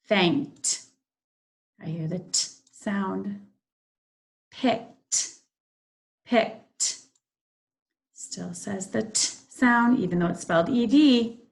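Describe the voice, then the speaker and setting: A woman teaching a phonics lesson, slowly reading each word aloud and repeating it with care. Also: mid-range voice, gravelly.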